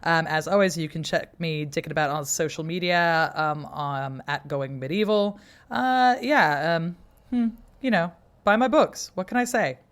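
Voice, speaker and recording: A woman's voice: low voice, unhurried. A woman co-hosting a history podcast, chatting casually with wry, profane humor and sounding tired. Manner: chatty, wry, swears freely, acts out quotes. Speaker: podcast co-host, medieval historian. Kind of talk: casual chat.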